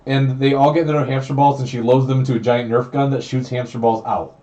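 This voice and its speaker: Laughing man with a mellow voice. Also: medium pitch, little pitch movement, fast talker, highs cut off. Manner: laughing, chatty storytelling. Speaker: game master. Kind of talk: casual banter among friends.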